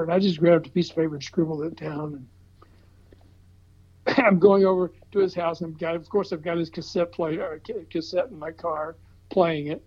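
A man's voice: a little high, moderate pace. Older man telling a story. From Southern United States. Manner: animated, chuckling, frequent restarts. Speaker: record promotion veteran telling a story. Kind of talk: casual storytelling. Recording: slightly dull, muffled recording.

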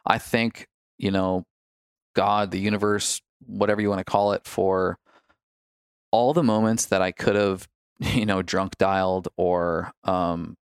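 A man with a very low, gravelly voice talks through his personal history candidly. He reflects as he goes, pausing and restarting his sentences. The sound is dry and close. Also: fairly even intonation, no room sound.

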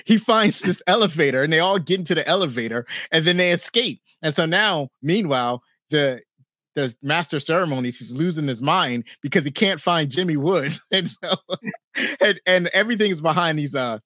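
A man's voice: a little high, animated, moderate pace, sharp tone, no room sound. Brief: male podcast host, rambling plot recap, close dry sound. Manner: rambling plot recap with frequent laughs and "right, right". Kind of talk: casual movie review chat.

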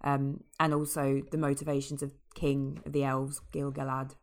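Chatty woman with a low voice. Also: little pitch movement, normal speed. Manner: enthusiastic, chatty, many fillers and restarts. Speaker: podcast co-host. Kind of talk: casual chat about a fantasy TV series.

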